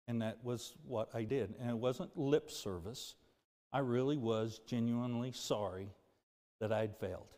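A pastor preaching a sermon, moving from loud, emphatic lines to low, quiet confession. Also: male voice, fairly even intonation, normal speed. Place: church sanctuary. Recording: music and long reverb of a church hall.

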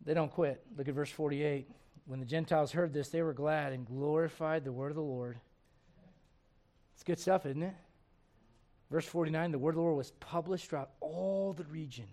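A middle-aged pastor preaches his sermon at normal speed in a folksy, animated style, his voice sitting a touch higher than most men's. He shifts between quiet, confiding stretches and lively, acted-out asides.

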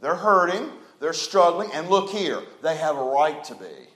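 High-voiced pastor preaching in an echoey room. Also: male voice, animated, fairly bright tone. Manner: preaching with rising intensity, drawn-out emphatic phrases. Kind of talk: sermon.

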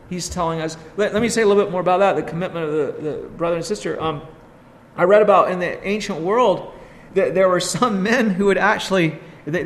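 Male preacher, high voice, earnest and emphatic, in a long-reverb hall. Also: fairly bright tone. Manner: slow, earnest, emphatic teaching with rhetorical questions. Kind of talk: sermon.

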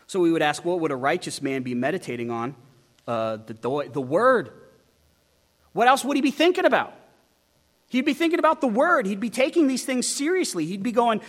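A man preaching an expository sermon, emphatic and animated, asking the listeners many rhetorical questions. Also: high voice, moderate pace. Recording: long hall reverb.

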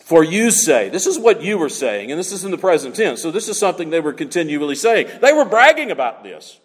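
Lively high-voiced preaching man in a hall. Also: brisk. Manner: emphatic preaching, repeats key words for effect. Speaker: pastor. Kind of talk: sermon.

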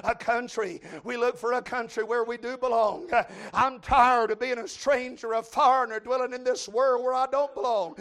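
A middle-aged man preaching a revival sermon, shouting with cries of praise. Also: extremely high pitch, little pitch movement, normal speed, few pauses.

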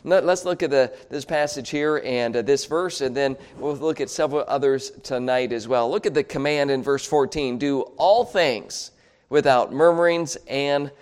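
A man's voice: mid-range voice, normal speed, few pauses, darkish tone, clear, resonant tone. Chuckling preacher leading his congregation. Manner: leads the congregation in repeating words aloud; chuckles often between points. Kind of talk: sermon.

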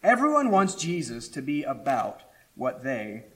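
A man preaching a sermon as pastor, emphatic, with dramatic pauses and quiet asides. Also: medium pitch, huge pitch swings, low-quality recording.

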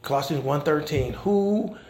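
Unhurried and expressive, a male pastor and chaplain preaches conversationally from the church sanctuary, often pausing to ask the congregation "okay?". His fairly high voice is a little mellow, and the room sounds echoey with faint noise.

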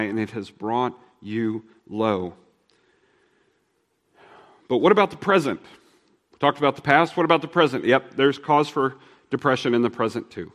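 A man preaching a sermon as pastor, earnest, sometimes slowing down and dropping his voice soft to press a point. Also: mid-range voice, big-room sound. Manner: earnest, shifts between fast and slow, drops soft for emphasis.

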